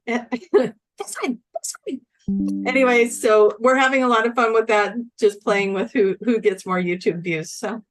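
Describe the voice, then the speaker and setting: Her voice is a little high, and she talks slowly with long pauses while faint music plays behind her. As co-host of a relaxed livestream, she chats cheerfully and reads out viewer comments about where everyone is watching from.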